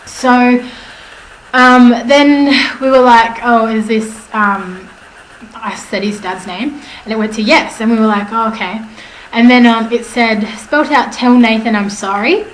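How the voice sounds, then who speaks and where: A young woman talks straight to her camera at home, her voice sitting a little high. She rambles along, full of fillers and corrections. The room rings around her, with a faint hiss underneath. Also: fairly even intonation, unhurried. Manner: chatty and rambling, many fillers and self-corrections. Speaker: vlogger. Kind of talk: casual storytelling to camera. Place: at home indoors. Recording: echoey room with faint background noise.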